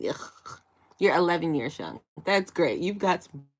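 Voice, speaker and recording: This livestreamer's voice is on the low side, expressive, and a little slow. A giggly woman in her 20s from Chicago, USA, she chats casually and reads out viewer comments.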